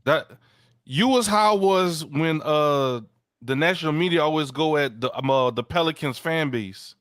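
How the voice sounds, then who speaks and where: A man's voice: fairly high pitch, unhurried, fairly bright tone, no echo, clean studio sound. A man co-hosting a casual sports chat, laid-back and chiming in with short agreements. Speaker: co-host.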